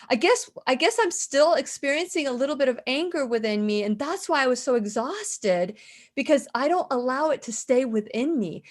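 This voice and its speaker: High-pitched impassioned woman radio host. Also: expressive, normal speed. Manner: impassioned, emphatic, repeats words. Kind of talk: radio interview, telling a personal story.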